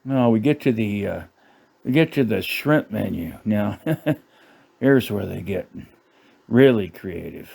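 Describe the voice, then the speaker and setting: A man's voice: on the low side, animated, takes it slowly, creaky, pauses often, darkish tone, slightly rough. A middle-aged man ranting sarcastically about a menu, cursing and laughing at his own jokes. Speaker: channel host. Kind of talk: casual ranting commentary.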